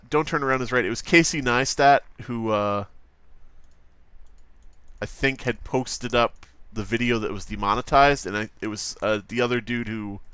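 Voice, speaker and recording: A man talking off the cuff on a live stream from his desk at home, rambling from one joke to the next and swearing freely. His pitch sits in an ordinary middle range, and the sound is close and dry with no room around it. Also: a bit bright, smooth, no room sound. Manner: rambling, profane and jokey, often breaking into mock voices. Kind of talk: casual live-stream chatter while drawing.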